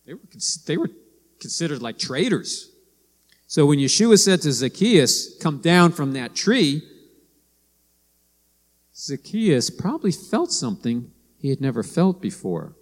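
A man preaching a sermon, telling stories and acting out quoted lines in a lively way. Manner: storytelling, acts out quoted lines with rising pitch. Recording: long hall reverb.

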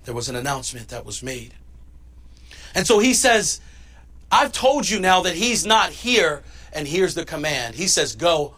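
His pitch fairly high and his delivery sing-song and a little slow, a man preaches as pastor. He moves back and forth between booming emphasis and hushed passages.

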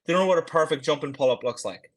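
A man's voice: a little high, rapid-fire. A man co-hosting a casual fitness chat, blunt and frank about how clients move. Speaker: fitness coach, podcast co-host.

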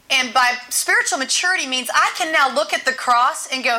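A woman gives a chatty sermon as a Bible teacher, leaning on repeated phrases for emphasis. Her voice sits high and rings bright and forceful. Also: fairly quick, hardly any pauses. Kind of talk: conversational sermon.

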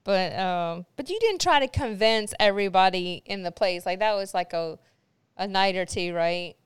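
A woman's voice: medium pitch, normal speed, clear, resonant tone, no room sound, clean studio sound. A woman co-hosting a casual chat, telling stories with lots of fillers and laughter. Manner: chatty storyteller, frequent fillers and laughter. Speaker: podcast co-host.

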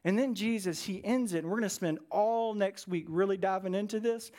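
High-voiced man preaching casually. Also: a little fast, darkish tone. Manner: casual, storytelling, many fillers. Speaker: pastor. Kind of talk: conversational sermon. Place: church service with a live congregation.

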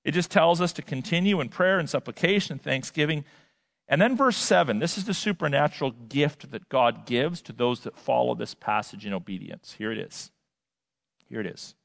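A male pastor preaching a sermon, emphatic, swinging between loud and quiet and repeating words for effect. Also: a little high, lively intonation, fairly quick, vocal fry. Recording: long hall reverb.

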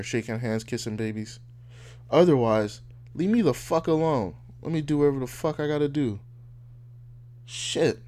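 With a medium-pitched, slightly mellow voice, a man in his twenties hosts a podcast and goes on a casual rant. He's blunt, heated and profane.

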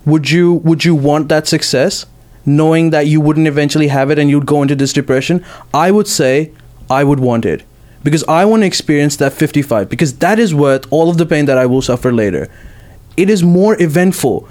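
A man's voice: fairly high pitch, brisk, a little mellow. A young man arguing his point insistently in a casual debate. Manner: insistent, emphatic.

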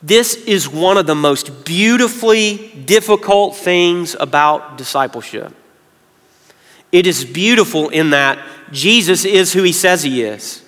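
A man, preaching a sermon to his congregation in an earnest way, going quiet when he gets emotional. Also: high voice, lively intonation, a little slow. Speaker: pastor. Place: large church hall. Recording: reverberant church hall.

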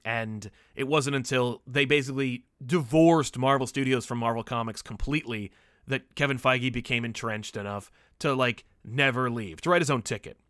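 A man's voice: mid-range voice, normal speed, a bit bright, no echo, clean studio sound. A man hosting a podcast about comics, talking in a chatty, opinionated, easygoing way. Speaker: podcast host. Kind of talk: casual commentary.

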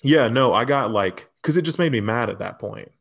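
A man's voice: mid-range voice, normal speed, creaky, breathy edge. A young adult man co-hosting a podcast, telling personal stories in a candid, profane, casual way. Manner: candid, profane, animated storyteller. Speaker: podcast co-host.

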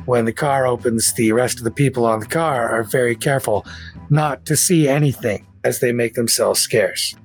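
A man narrating a tabletop game as game master in a relaxed way with fillers. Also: mid-range voice, moderate pace, husky, soft background music.

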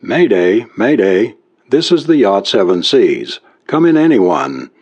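A man voicing a tense young man on a boat who is trying hard to sound calm and steady. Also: fairly low pitch, takes it slowly, breathy edge, heavily acted. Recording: muffled lo-fi recording.

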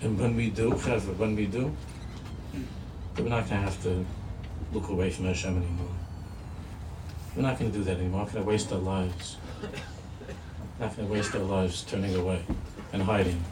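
A man giving a sermon as a rabbi, earnest and storytelling, repeating phrases and slowing down for emphasis. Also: low voice, steady tone. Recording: echoey room from a distance with noise.

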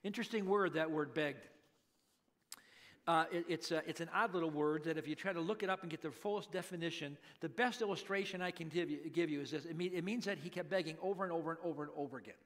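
A middle-aged male pastor preaching a sermon, dramatically acting out pleading voices and hushed prayers. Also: a little high, fast talker.

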